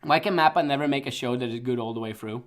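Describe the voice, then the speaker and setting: A man's voice: medium pitch, fast talker. Young man ranting casually, laughing often. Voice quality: rants with frequent laughter. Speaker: anime season chart co-host.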